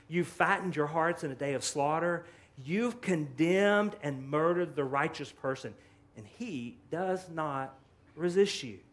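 Animated preaching man, fairly high voice. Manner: animated preaching, rising and falling emphasis, acts out quotes. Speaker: pastor. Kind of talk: sermon.

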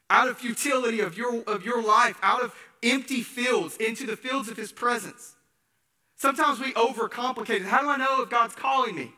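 Preacher, male, high and bright, emphatic sermon delivery with repeated phrases. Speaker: pastor.

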